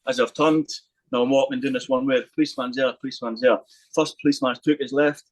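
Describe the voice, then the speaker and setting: A man, a podcast guest telling a lively anecdote in casual chat, swearing freely and acting out the voices of the people in his story. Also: mid-range voice, fast talker, dry recording, rough recording.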